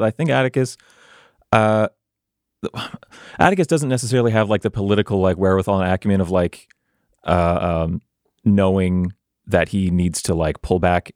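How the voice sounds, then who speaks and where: A man with a fairly low voice explains how his character would react, stopping and restarting often and laughing as he goes. The sound is dry and close to the mic. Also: a little mellow, no room sound. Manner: halting, filler-heavy, laughing explanations. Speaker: player. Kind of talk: casual tabletop game talk.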